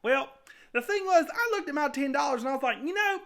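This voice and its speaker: Guy doing a high-voiced bumbling servant in a church kids skit, rambling and hesitant, voice jumping all over. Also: expressive, fairly quick, vocal fry, fairly bright tone, heavily acted. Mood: sheepish. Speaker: anonymous servant in a comic interview skit. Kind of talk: comic skit storytelling.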